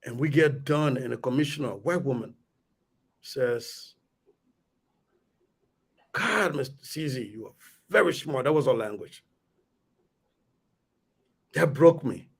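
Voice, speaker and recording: A middle-aged man from Liberia with a Liberian accent, telling a story in a lively, animated way on a radio talk show. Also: mid-range voice, a little slow, pauses often, breathy edge. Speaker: radio guest. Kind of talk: storytelling in conversation.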